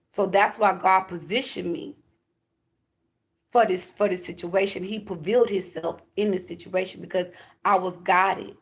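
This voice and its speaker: A woman talking casually and emphatically to her viewers as a spiritual reader. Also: on the low side. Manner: chatty, emphatic, addresses viewers directly.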